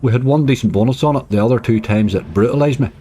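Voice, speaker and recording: A man's voice: medium pitch, fast talker, dark tone, faint music behind. A man casually commenting on his slot play, chatty and cheering when bonuses land. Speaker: slots streamer.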